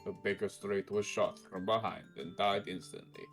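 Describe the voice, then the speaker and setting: A man reading the lines of a cold, haughty male aristocratic prosecutor in a formal, measured courtroom manner. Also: low voice, fairly even intonation, vocal fry, over music.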